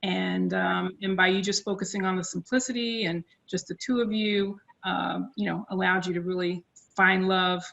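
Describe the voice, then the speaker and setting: Bright-voiced middle-aged woman hosting. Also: lowish voice, steady tone, normal speed, gravelly, few pauses, lo-fi sound. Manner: hesitant, many fillers, reading viewer chat. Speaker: host, board president. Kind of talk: interview hosting.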